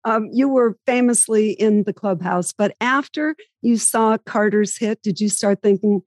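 A woman's voice: mid-range voice, a little slow, few pauses, a little mellow, no room sound. A woman interviewing a guest in an enthusiastic, chatty way. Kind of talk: casual interview.

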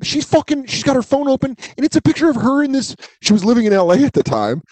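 A man's voice: extremely high pitch, big pitch swings, fast talker, darkish tone, no echo. A man co-hosting a podcast, telling stories in casual chat, swearing freely and acting out quotes in shifting voices. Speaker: podcast co-host.

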